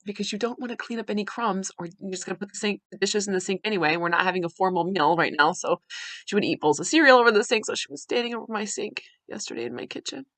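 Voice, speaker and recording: A woman hosting a podcast, telling a personal story in a candid, conversational way with halting restarts. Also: medium pitch, fairly bright tone, dry recording. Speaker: podcast host.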